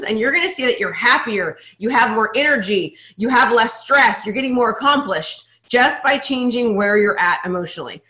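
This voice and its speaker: A woman hosting a podcast in casual interview chat, upbeat, talking in quick bursts with many restarts. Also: fairly high pitch, bright, forceful tone, reverberant. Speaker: podcast host.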